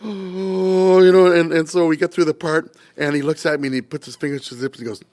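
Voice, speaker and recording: A man's voice: a little high, quick pace, a little mellow, no room sound. An older man, a guest musician, telling a story in a podcast interview and acting out the voices of people he quotes.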